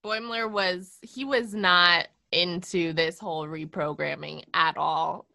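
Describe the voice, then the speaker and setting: Bright-voiced woman in a laughing chat. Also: lowish voice, takes it slowly, vocal fry. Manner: laughs often, thoughtful and reflective. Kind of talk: casual chat discussing an episode.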